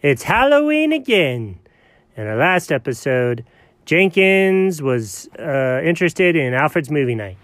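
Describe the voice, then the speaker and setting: A man with a high, bright voice playfully introduces the next episode of his comedy series. His delivery is bouncy and scripted. The sound is close and dry. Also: big pitch swings, a little slow, no echo. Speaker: comedy show host. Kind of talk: scripted narration.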